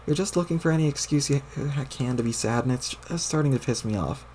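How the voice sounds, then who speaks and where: A man's voice: medium pitch, fast, a little mellow, a little hiss or hum, natural voice. A man reading a webcomic aloud, putting on the voice of a bossy, exasperated young girl who scolds and swears. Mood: scolding.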